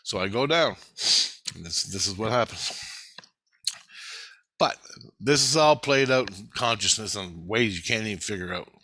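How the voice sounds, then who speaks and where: A man recounting a dream in a rambling first-person account, excitable and profane, often repeating himself. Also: on the low side, normal speed, pauses often, no room sound. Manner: excitable, profane, repetitive storytelling.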